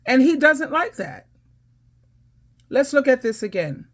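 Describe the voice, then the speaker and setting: A woman's voice: high voice, very animated, a little slow. Emphatic middle-aged woman commentator. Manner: emphatic, authoritative, preachy. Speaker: advice coach and commentator. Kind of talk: reaction commentary.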